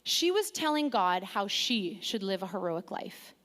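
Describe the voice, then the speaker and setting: A woman preaching a sermon to her church, lively and self-deprecating, joking and calling out to the congregation. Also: medium pitch, a little slow. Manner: lively, self-deprecating humor, engages audience. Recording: long reverb of a large hall.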